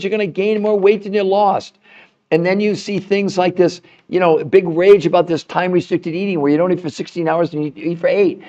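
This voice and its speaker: In a heated livestream monologue, a man hosting a live health stream speaks with indignation, laughs in disbelief, and fires rhetorical questions at viewers. His voice sits high and sounds mellow, and the audio is lo-fi.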